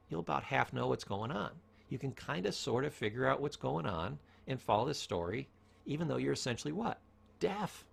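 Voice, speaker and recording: A man giving a motivational talk on communication, telling stories and asking rhetorical questions. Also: medium pitch. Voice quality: gravelly, husky voice. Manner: storytelling, asks rhetorical questions, varies tone for emphasis. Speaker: speaker on communication.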